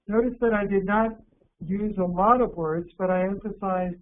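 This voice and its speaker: A man from the United States giving an instructional workshop talk to teachers, calm and deliberate, slowing down to stress key words. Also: sits high. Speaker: teacher educator presenting a workshop. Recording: narrow phone-like sound with faint hiss.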